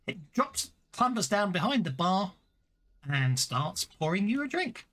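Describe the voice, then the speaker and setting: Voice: mid-range voice, sing-song, unhurried, fairly bright tone. A game master narrating a tabletop game in a chatty way, stopping now and then to correct themself.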